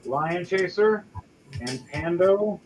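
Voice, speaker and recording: A man narrating as game master of a tabletop game, chatty and halting with fillers. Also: high voice, lively intonation, rough recording. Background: music.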